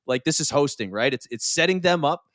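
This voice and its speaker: A man's voice: a little high, expressive, a little fast, fairly bright tone, no room sound, clean studio sound. A man who is a guest on a podcast, talking casually and energetically and often repeating a word as he starts a phrase. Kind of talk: casual conversational interview.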